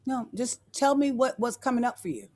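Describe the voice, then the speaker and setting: A woman's voice: on the high side, lively intonation, fairly quick, a little mellow. A woman speaking as a guest on a video call, giving students an affirming motivational talk and repeating her phrases.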